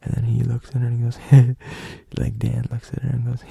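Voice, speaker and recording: Young male podcast host, rambling profane storyteller; deep dark tone, dry close sound. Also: level tone, measured pace, creaky, husky, no room sound. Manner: rambling, profane, loose delivery with many fillers. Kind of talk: casual storytelling.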